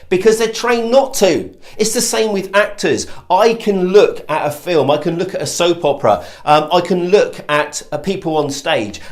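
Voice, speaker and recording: Emphatic man teaching sales. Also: fairly high pitch. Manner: demonstrates tones, emphatic and direct. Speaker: sales trainer. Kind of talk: instructional video talk.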